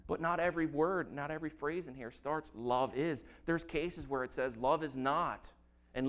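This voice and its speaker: A man preaching a sermon, reading scripture slowly and earnestly with emphatic stresses. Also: on the high side. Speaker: pastor.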